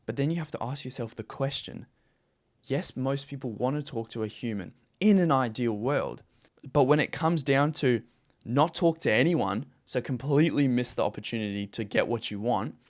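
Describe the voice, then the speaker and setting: A man's voice: mid-range voice, normal speed. An emphatic man talks straight to the listener, hosting a video and coaching people on sales. His voice sits in an ordinary middle range. He repeats his points and keeps asking "okay?" and "right?" to hold attention. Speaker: YouTube host and AI consultant. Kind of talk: direct-to-camera sales advice talk.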